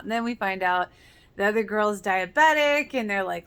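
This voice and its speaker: A woman's voice: mid-range voice, moderate pace, vocal fry, a bit bright, clear, resonant tone. A woman giving casual reaction commentary, earnest and emotional, with many fillers. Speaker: reaction video host.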